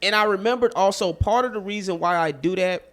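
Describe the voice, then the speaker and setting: A man hosting a podcast, telling stories in a casual, animated way. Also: sits high, a little fast. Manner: animated storyteller, slips into loud voices. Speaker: podcast host. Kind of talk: casual chat.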